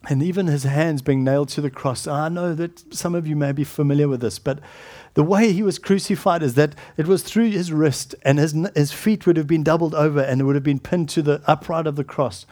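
A middle-aged man preaching a sermon as pastor, earnest and often dropping to a hushed, solemn tone, with halting restarts. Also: on the high side.

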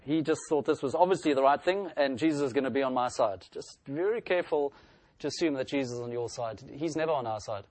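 A man's voice: medium pitch, quick pace, a little mellow, no echo. A man preaching a sermon in an earnest style, lifting his voice when he reads scripture aloud.

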